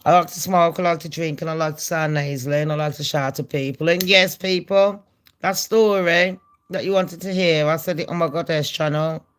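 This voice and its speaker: A woman's voice: sits low, fairly even intonation, normal speed, clean tone. A middle-aged woman with a nasal voice, hosting a gossip vlog in a brash, sweary, chatty way. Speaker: gossip channel host.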